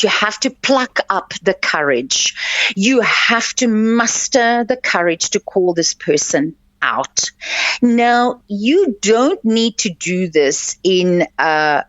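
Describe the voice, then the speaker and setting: Earnest woman coach, low lively voice. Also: dry recording. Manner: earnest and instructive, with frequent fillers and restarts. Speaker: life coach and radio show host. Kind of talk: advice talk on a radio show. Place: radio studio. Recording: dull lo-fi, dry radio audio.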